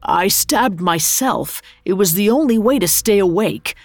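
A woman's voice: medium pitch, animated, unhurried, a little mellow, dry recording, studio quality. A woman doing an earnest young soldier. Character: young wounded male soldier, earnest and humble.

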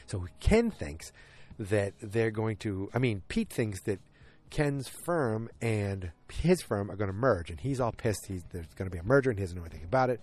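A man's voice: on the low side, sing-song, normal speed, darkish tone. A man casually recapping a TV episode, rambling and often interrupting himself. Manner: rambling, self-interrupting storyteller.

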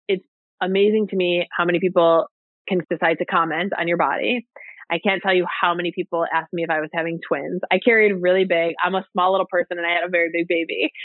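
A woman's voice: fairly low pitch, no echo. Woman podcast guest, chatty storyteller, heavy "like" filler, tinny phone-quality audio, dry. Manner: chatty, fills speech with "like" and "you know". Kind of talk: casual storytelling in an interview.

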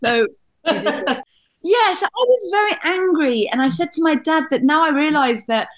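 A middle-aged woman from Britain, a comedian, telling personal stories in an animated, laughing way. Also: high voice, unhurried. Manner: animated, laughing, swears mildly. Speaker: guest comedian and author. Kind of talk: candid storytelling in conversation.

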